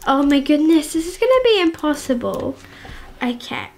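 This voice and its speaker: A woman hosting a gaming channel, chatting excitably to viewers through gameplay commentary. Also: high voice, moderate pace, a little hiss or hum.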